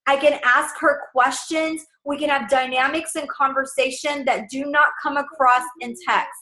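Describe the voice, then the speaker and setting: Bright-voiced woman coaching sales. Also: sits high, steady tone, moderate pace, rough recording. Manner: upbeat, direct, instructional. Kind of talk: casual coaching talk.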